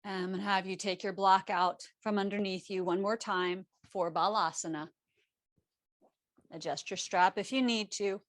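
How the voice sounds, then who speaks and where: A woman teaching a live online yoga class, giving calm, steady cues over a video call. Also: mid-range voice, no echo. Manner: calm cueing with self-correcting laughs.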